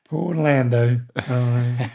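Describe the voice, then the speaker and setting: An older man, chatting casually with his son in a slow, drawling way and stumbling over words. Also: medium pitch, steady tone, vocal fry, darkish tone, highs cut off. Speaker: co-host, father of the host. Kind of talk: casual family chat.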